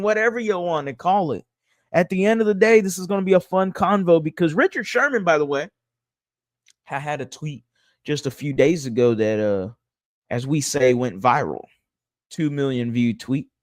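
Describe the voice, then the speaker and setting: A man from Houston hosting a sports reaction podcast, energetic, swearing freely and dropping from loud hype into low asides. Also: no room sound. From Houston, Texas. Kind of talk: casual sports reaction talk.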